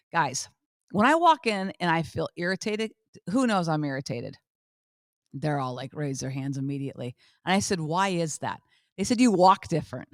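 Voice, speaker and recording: A woman's voice: lowish voice, no echo, studio quality. A middle-aged woman hosting a motivational podcast, talking emphatically and repeating phrases for effect. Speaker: podcast host.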